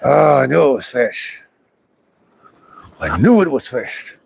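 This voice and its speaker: A man of ordinary pitch chats his way through a fishing trip outdoors by a river. He mutters to himself and coaxes the fish in a loose, rambling livestream manner. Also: big pitch swings, takes it slowly, creaky, slight background noise. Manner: chatty, talks to himself and the fish. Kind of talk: casual live commentary while fishing.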